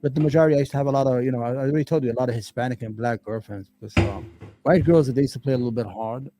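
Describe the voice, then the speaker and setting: A man's voice: medium pitch, very fast, over music. A man co-hosting a podcast, telling rambling crude stories in casual chat. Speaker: podcast co-host.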